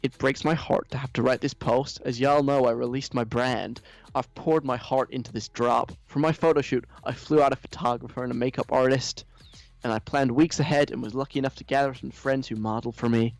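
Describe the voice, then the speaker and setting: A man's voice: mid-range voice, fairly even intonation, brisk, no room sound, soft background music, lightly acted. Man doing a whiny American influencer girl. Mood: self-pitying. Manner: self-pitying, whiny. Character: entitled whiny young female influencer. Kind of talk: mock reading of a social post.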